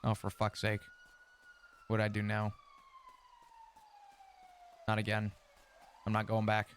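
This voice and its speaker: A man's voice: on the low side, completely flat delivery, takes it slowly, a little hiss or hum. A man streaming a roleplay game in character, chatting in a profane, ranting way and laughing often. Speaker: streamer role-playing his character.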